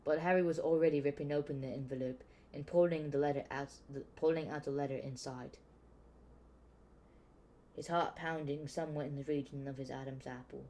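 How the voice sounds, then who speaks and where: Dark-voiced man casually reading aloud. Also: medium pitch, steady tone, fairly quick, slight background noise, low-quality recording. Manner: stumbles and restarts words, reads on unfazed. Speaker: audiobook reader. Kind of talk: casual amateur book reading.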